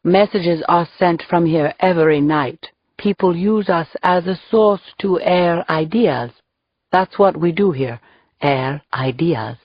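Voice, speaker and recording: A woman reads an audiobook, slowly and in a lowish voice, giving a smooth, evasive turn as a jovial British male club owner. The sound is lo-fi with no room sound.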